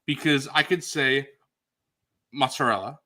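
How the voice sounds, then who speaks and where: A man's voice: medium pitch, moderate pace, bright, forceful tone. A man with a New York accent co-hosting a casual livestream chat, rambling and joking. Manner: rambling, jokey. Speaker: co-host.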